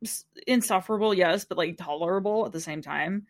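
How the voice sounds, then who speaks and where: A young woman co-hosts a podcast, chatting loosely in a lowish voice at a slightly fast pace. She's laid-back and sleepy, giggling, hiccuping, and using plenty of fillers.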